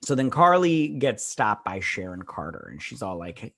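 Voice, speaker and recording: A man's voice: lowish voice, very animated, normal speed, gravelly, fairly bright tone. A man hosting a casual episode recap, rambling with lots of fillers and blunt opinions. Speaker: show host reviewing a TV episode.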